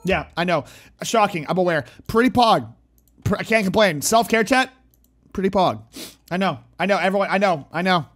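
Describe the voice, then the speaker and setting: A young man streaming live, excitedly reacting to a video and chatting with viewers. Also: high voice, normal speed, soft background music. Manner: excitable, talks to chat, frequent loud laughs.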